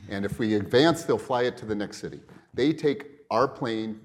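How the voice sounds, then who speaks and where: Low-voiced man hosting an onstage interview. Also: moderate pace. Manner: rambling, full of restarts and asides. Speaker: interviewer at a business luncheon.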